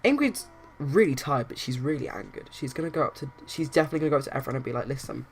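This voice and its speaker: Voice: medium pitch, lively intonation, racing, a little hiss or hum. A host narrating a life-simulation game casually, retelling scenes with quoted lines. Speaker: let's play host.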